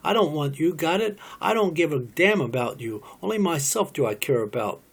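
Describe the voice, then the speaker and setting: A man's voice: fairly high pitch, lively intonation, moderate pace, vocal fry, breathy edge. A man cold-reading the part of a restless husband who bluntly wants his freedom back. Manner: blunt, defiant.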